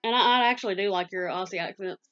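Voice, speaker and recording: Southern American woman, forties, quick chatty vlogger with easy laughs; mid-pitched voice, slightly muffled recording. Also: fairly bright tone. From Southwest Virginia, US. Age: 40s. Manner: fast-talking, chatty, laughs easily. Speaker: YouTube scam-baiter answering viewer questions. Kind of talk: casual Q&A vlog.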